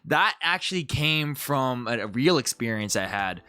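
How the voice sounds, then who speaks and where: A young man chatting casually as he reviews his own comedy video, animated and full of restarts. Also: mid-range voice, moderate pace, clean tone. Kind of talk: casual commentary.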